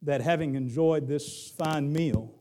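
A middle-aged man with a Southern accent preaching a sermon, moving from hushed lines to shouted ones. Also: fairly high pitch, takes it slowly. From Southern United States. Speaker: pastor.

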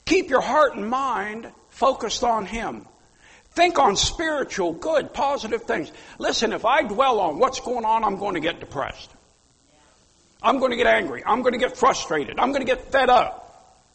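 Male pastor, husky, emphatic sermon delivery, long church-hall reverb. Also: very high voice, lively intonation, moderate pace. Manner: fiery, emphatic preaching with sudden loud outbursts.

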